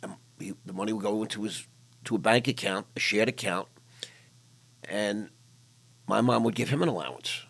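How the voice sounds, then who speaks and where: A man's voice: fairly low pitch, normal speed, creaky, pauses often, a bit bright, breathy edge. An older man hosting a casual interview, talking bluntly and candidly about his own past. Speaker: podcast host.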